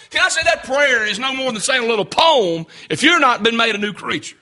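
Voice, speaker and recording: A man with a Southern US rural accent, preaching a sermon as pastor, fervent and rising to shouts. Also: very high voice, expressive, brisk, hardly any pauses. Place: church sanctuary.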